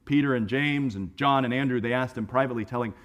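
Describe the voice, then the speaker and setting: A man preaching a sermon in a conversational, animated way, acting out voices and often repeating words as he starts a phrase. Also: mid-range voice, quick pace. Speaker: pastor. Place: church sanctuary.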